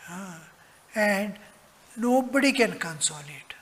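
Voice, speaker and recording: A man with a high voice delivers a slow, earnest spiritual discourse as a monk teacher. He lingers over his words and now and then drops almost to a whisper. The sound rings with the long reverb of a large hall. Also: expressive, a bit bright.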